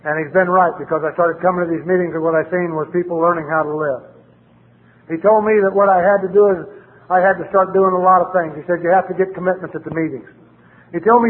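A man's voice: high voice, fairly even intonation, fast talker. A middle-aged man with a blunt, plain-spoken manner, sharing his recovery story at a meeting. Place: meeting hall. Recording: tinny lo-fi recording in a reverberant hall.

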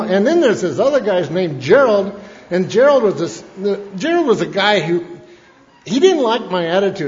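A man telling rambling, self-mocking stories as a speaker at a recovery meeting. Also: high-pitched. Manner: rambling, folksy, self-mocking, with frequent restarts. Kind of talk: humorous personal testimony. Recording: dull lo-fi recording in an echoey hall.

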